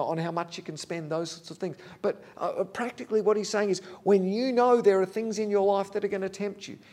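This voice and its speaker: A man's voice: sits high, darkish tone. A man preaching a sermon, earnest and candid, talking plainly to the congregation with fillers.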